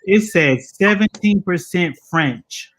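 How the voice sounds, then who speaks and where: A man's voice: high-pitched, expressive, slow pace, a bit bright. A man co-hosting a casual panel, telling stories in a loose, profane, laughing way. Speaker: co-host.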